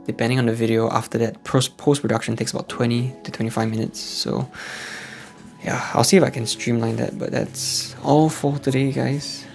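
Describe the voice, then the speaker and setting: Soft-spoken Singaporean man, gravelly voice. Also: mid-range voice, little pitch movement, normal speed. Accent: Singaporean English. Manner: speaks softly with a hushed indoor voice. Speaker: host of a faith-based channel for men. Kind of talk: casual motivational vlog talk. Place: at home indoors late at night. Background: faint background music.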